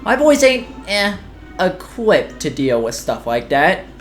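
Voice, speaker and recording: A bossy older foreman boss with a folksy, slangy drawl, as a woman reads him out. The voice swoops about in pitch, sitting low for a woman. He pushes his deal on everyone in a rough game-read accent. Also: sing-song, takes it slowly, faint music behind. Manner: put-on accent she calls terrible. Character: gruff older male mushroom foreman, pushy. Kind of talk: reading game dialogue aloud.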